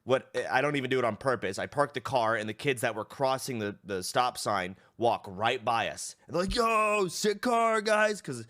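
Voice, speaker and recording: A man's voice: mid-range voice, moderate pace, few pauses, fairly bright tone. A young man, a streamer, casually telling a story to his stream, swearing and acting out the people he quotes.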